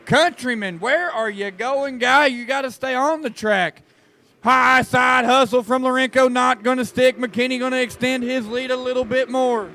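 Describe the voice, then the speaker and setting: Excitable high-voiced race announcer man. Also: moderate pace. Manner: excitable, joking with the crowd, folksy. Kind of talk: live race commentary over a PA.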